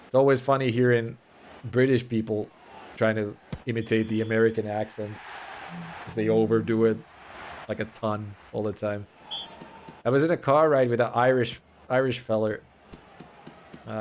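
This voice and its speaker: A man's voice: lowish voice, a little hiss or hum. A young Finnish man with a Finnish accent, a native Finnish speaker, giving casual, mumbly commentary while streaming a game. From Finland. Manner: mumbling, words run together.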